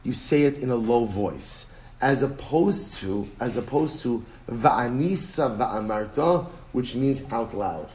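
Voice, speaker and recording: A man's voice: medium pitch, slow. A man, a rabbi, teaching a Talmud lesson, emphatic and repetitive, mixing in Hebrew and Aramaic terms. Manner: animated, emphatic, repeats phrases, switches between English and Hebrew-Aramaic terms. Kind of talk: Talmud lecture.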